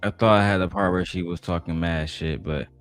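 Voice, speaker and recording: Blunt, foul-mouthed man, low voice. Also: steady tone, fairly quick, clean tone, faint music behind. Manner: blunt, swears often, talks over clips. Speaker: commentary host. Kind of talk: profane casual commentary.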